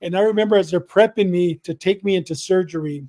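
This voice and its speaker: A middle-aged man with a fairly high but mellow voice tells a deeply personal story in an earnest, repetitive way. He slips into remembered conversations as he goes. The recording is dry and close. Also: fast talker, dry recording. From Southern California. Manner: earnest, repeats himself, acts out both sides of remembered dialogue. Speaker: guest, retired police detective.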